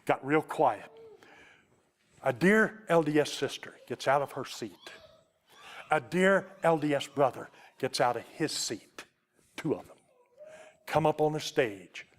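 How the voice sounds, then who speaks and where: A man's voice: a little high, expressive. Preacher man telling an emotional testimony. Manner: emotional testimony, slows to a hush at tender moments. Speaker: Baptist preacher. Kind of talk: storytelling sermon.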